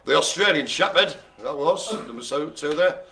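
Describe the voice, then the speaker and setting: A man's voice: fairly high pitch, expressive, normal speed, vocal fry, background noise. A man hosting a live online bingo game, jokey and teasing as he rambles through dog trivia. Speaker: bingo host.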